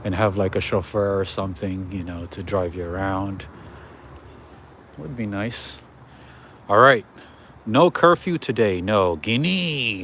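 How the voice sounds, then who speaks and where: A man's voice: lowish voice, measured pace, fairly bright tone, a little hiss or hum. A man hosting a walking livestream outdoors on a city street at night, chatting straight to his viewers and chuckling often. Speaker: livestream host. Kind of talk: casual walking livestream chat.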